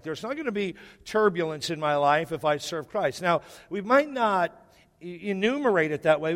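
A male pastor preaching a sermon in a church hall, repeating key phrases and putting questions to the congregation. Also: on the high side. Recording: echoey hall.

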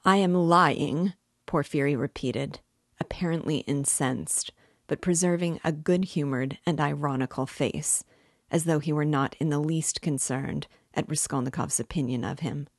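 A woman hosting a reading series, narrating a classic novel aloud in a measured, even way. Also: deep voice, dry recording, studio quality. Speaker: book club host reading aloud. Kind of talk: audiobook narration.

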